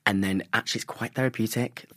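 A young man, a stage actor, chatting as a guest, telling quick animated stories full of slang. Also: lowish voice, no echo, clean studio sound. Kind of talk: casual chat.

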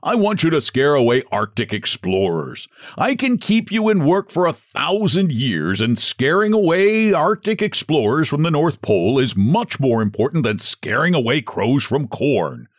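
A man's voice: fairly high pitch, very animated, normal speed, few pauses, dry recording, studio quality, pitched above the performer's own voice. A man voicing a jolly, kindly Santa Claus who speaks heartily and in a hurry. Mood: hearty. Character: jolly bustling Santa Claus, hurried and kind.

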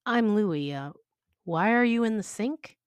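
A woman's voice: medium pitch, expressive, a little slow, clear, resonant tone, no room sound, lightly acted. A woman reading aloud the lines of a wary, baffled young man. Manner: wary, incredulous.

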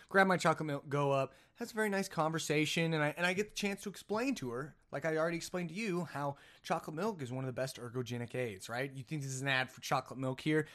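A man's voice: fairly high pitch, quick pace, few pauses, a bit bright. Rambling, jokey male podcast host. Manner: rambling, jokey storytelling with self-mocking asides. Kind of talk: casual solo podcast monologue.

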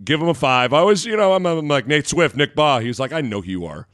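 A man co-hosting a sports radio show, chatting casually and rambling, sometimes breaking into loud shouted bits. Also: a little high, expressive, fast talker, no echo, clean studio sound.

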